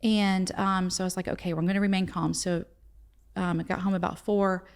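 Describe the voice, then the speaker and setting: A woman's voice: on the low side, flat delivery, a little fast, clear, resonant tone. A middle-aged woman, a guest telling a personal story in conversation, acting out the dialogue in earnest. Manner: retells events by acting out quoted dialogue, earnest.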